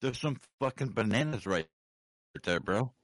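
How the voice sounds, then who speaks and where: A man's voice: mid-range voice, expressive, moderate pace, no room sound. A man co-hosting a podcast, crude, rambling and self-mocking, talking on a close mic. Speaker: co-host. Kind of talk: casual podcast banter.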